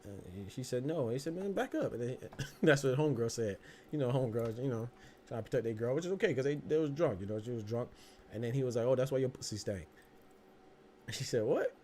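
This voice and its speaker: A man's voice: mid-range voice, quick pace, a little mellow, a little hiss or hum. A man in his thirties hosting a boxing podcast, telling a story in casual slang and laughing as he goes. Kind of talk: casual storytelling and live chat.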